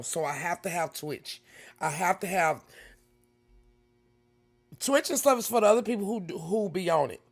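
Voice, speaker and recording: Streamer woman w/ aave, cussing freely, gravelly and bright, chatting with her viewers. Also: mid-range voice. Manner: blunt, profane, talks straight to her viewers. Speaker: livestream host. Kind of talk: casual livestream chat.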